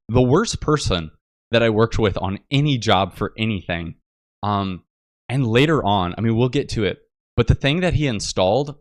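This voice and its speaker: A man's voice: fairly low pitch, no room sound, studio quality. A man telling a long casual story as podcast host, rambling with many fillers and acted-out quotes. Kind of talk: casual storytelling over photos.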